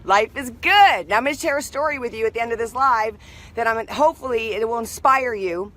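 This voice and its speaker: A woman's voice: fairly high pitch, fast talker, fairly bright tone. A woman hosting a live video, telling a rambling personal story in a chatty way and greeting viewers as they join. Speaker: live stream host.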